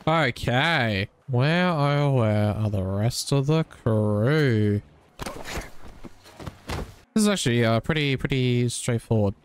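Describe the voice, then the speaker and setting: A man giving loud, joking live commentary as he plays a game, swearing and teasing his chat. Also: mid-range voice, takes it slowly, slight background noise. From Australia. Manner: excitable, swears freely, teasing banter with chat. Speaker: streamer.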